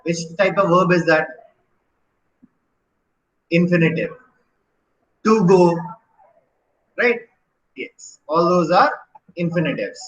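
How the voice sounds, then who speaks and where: A man's voice: sits high, slow pace, long pauses, roomy sound, lo-fi sound. A man teaching an online grammar lesson, often asking questions and checking in with "right?". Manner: questioning, encouraging, repeats "right?".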